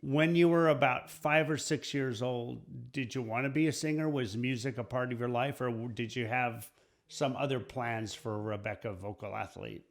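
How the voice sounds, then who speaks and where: Middle-aged man hosting a casual interview, mid-pitched, stop-start questions. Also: vocal fry. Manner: halting, repeats words while asking questions. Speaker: interview host.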